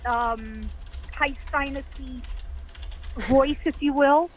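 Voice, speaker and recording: A woman's voice: high-pitched, fairly even intonation, takes it slowly, poor audio. A woman caller telling a ghost story vividly, acting out voices and sounds.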